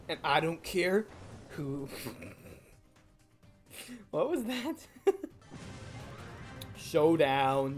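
A young woman hosting a gaming channel, giving playful, jokey, self-mocking commentary over her gameplay. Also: deep voice.

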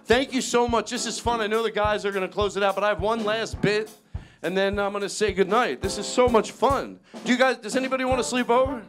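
A man performing a live stand-up comedy set, loud and animated, chatting with the audience and the band. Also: sits high, fast. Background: band music and audience laughter.

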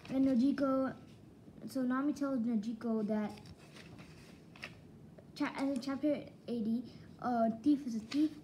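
A woman giving a casual book review, retelling the story excitedly with many restarts and false starts. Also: high-pitched, measured pace, long pauses, a little hiss or hum, rough recording.

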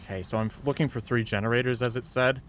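A man streaming a horror game, thinking aloud and breaking into high yells at scares. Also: fairly even intonation, fast, slight background noise. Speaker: gaming streamer. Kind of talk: live gameplay commentary.

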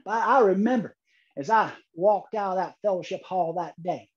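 A man giving a humorous keynote speech, telling a story deadpan with dramatic pauses. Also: high voice, muffled recording. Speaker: keynote speaker.

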